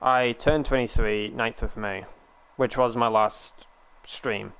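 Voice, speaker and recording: A man's voice: medium pitch, fairly even intonation, slow pace, vocal fry, fairly bright tone, clear, resonant tone. A man, chatting casually with stream viewers on a headset and rambling with frequent chuckles. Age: 20s. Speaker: livestreamer. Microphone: gaming headset.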